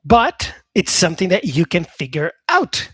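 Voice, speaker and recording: A male English teacher with an Australian-influenced accent chats unhurriedly with viewers during a live-stream lesson, scattering "yeah" and "um" through his talk and calling people "mate". His voice is high-pitched and husky, with a fairly bright tone and wildly swooping pitch. The recording has no echo.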